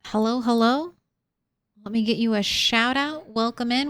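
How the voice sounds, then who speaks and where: A woman's voice: fairly high pitch, measured pace, fairly bright tone. A young woman streaming a zombie survival game, chatting casually with viewers and laughing often. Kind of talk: casual gameplay commentary.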